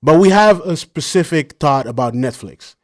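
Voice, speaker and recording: A man's voice: a little high, expressive, moderate pace, dry recording, clean studio sound. A man co-hosting a podcast in casual chat, rambling and losing track of names. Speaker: podcast co-host.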